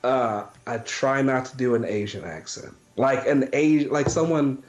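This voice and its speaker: A man co-hosting a casual chat show, talking slowly and haltingly, with many pauses and ums. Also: mid-range voice, soft background music. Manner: slow and halting, hesitant with ums. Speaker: podcast co-host.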